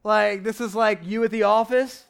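A young man preaching a lively, conversational sermon from a church stage, shouting at times for emphasis. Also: high-pitched, normal speed, vocal fry, smooth. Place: church stage before a congregation.

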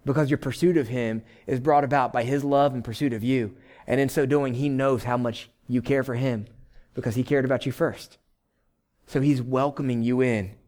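A man's voice: medium pitch, darkish tone. A male pastor preaching a sermon in a conversational but emphatic way, exhorting the congregation in short repeated phrases. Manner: conversational, checks in with "right?".

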